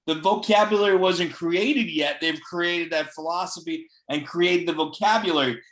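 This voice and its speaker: A man's voice: a little high, moderate pace, fairly bright tone. A man leading a casual group discussion over a video call, upbeat and enthusiastic. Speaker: discussion leader.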